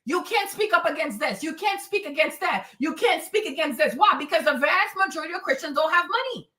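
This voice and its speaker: A woman's voice: very high-pitched, expressive, brisk, sharp tone, roomy sound, far from the mic. A woman hosting a livestream, talking in an emphatic, repetitive, preachy way. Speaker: livestream host. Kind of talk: preachy casual livestream talk.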